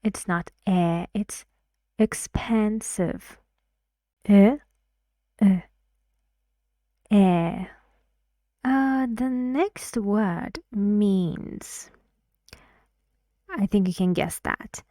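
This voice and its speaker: A woman teaching English pronunciation, modelling each word loudly, repeating it, and giving soft explanations in between. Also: mid-range voice, expressive, very slow, no room sound, studio quality. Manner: models words loudly and repeats them, drops to soft asides. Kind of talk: slow, deliberate pronunciation lesson.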